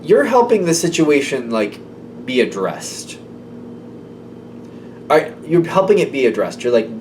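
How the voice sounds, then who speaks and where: A man gives a casual tarot reading, talking loosely and by feel, with lots of "like" and "um". His pitch sits in a middle range. He is set back a little from the mic, with a faint low rumble behind him. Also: sing-song, normal speed, darkish tone, far from the mic. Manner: rambling and intuitive, full of "like" and "um". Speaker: tarot reader.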